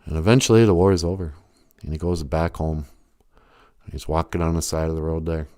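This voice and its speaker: A man's voice: extremely low pitch, fairly even intonation, a little fast, mellow, no echo, clean studio sound. A man hosting a livestream, rambling through an improvised comic story. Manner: rambling, laughs at himself, reads chat comments. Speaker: comedic storyteller host. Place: home livestream.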